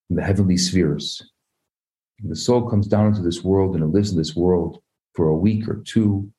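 A man, a rabbi, telling a parable in an animated sermon, acting out the voices of its characters. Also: low voice. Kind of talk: storytelling sermon.

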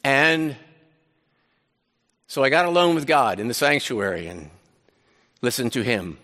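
A man preaching a sermon, paraphrasing scripture in a conversational, animated way with frequent restarts. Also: mid-range voice, unhurried, big-room sound. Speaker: pastor.

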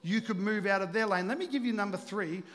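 A man preaching a sermon as pastor, joking with the congregation and sometimes dropping to a hushed voice for emphasis. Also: sits high, fast, in a large hall. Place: church auditorium.

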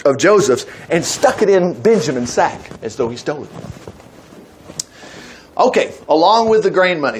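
A man's voice: high-pitched, slight background noise. Folksy man preaching with joking asides. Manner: folksy, chatty, joking asides between readings. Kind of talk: sermon reading scripture with asides.

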